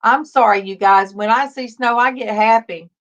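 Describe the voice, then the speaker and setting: A woman in her fifties with a Southern US accent, chatting slowly and softly on a livestream and greeting viewers by name. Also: on the high side, muffled recording. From Alabama, US South. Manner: slow, soft-spoken, greets viewers by name. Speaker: livestream host. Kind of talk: casual livestream chat.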